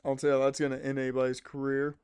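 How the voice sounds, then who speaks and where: A man's voice: mid-range voice, completely flat delivery, fast, a little mellow, clear, resonant tone, no echo, studio quality. Chatty man streaming a game. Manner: rambling, chatty, talks to chat. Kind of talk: casual gameplay chat.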